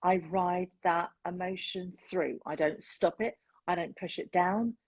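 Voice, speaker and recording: A woman hosting an interview, talking in an earnest, open and reflective way with many pauses and ums. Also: on the low side, a little mellow, breathy edge, dry recording, low-quality recording. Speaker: host. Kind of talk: casual interview chat.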